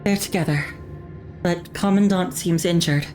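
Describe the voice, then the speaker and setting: A woman voicing a calm, steady young female android soldier, reading the game's lines in a measured, earnest way. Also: lowish voice, faint music behind, pitched above the performer's own voice, natural voice. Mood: urgent, concerned.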